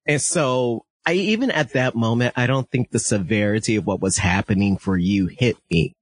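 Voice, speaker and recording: A man hosting a podcast in casual chat, relaxed and reflective, laughing easily. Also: mid-range voice, moderate pace, breathy edge, no room sound. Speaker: podcast host.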